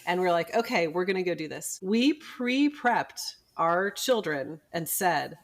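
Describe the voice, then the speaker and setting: A woman's voice: on the low side, unhurried. A middle-aged woman, a physician and podcast co-host, telling a family story in casual chat and acting out the people she quotes. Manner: animated storyteller who acts out quoted people.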